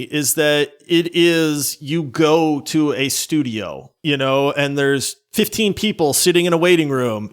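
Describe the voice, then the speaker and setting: A man's voice: fairly high pitch, clear, resonant tone. A man hosting a gaming podcast, asking long rambling self-deprecating questions. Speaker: podcast host. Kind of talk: casual podcast interview.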